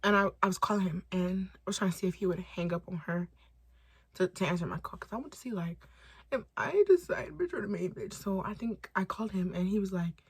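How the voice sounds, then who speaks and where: A young woman from Los Angeles telling a storytime vlog in casual, animated style, swearing freely and acting out quotes. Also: medium pitch, fairly quick, husky, dry recording. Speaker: storytime vlogger.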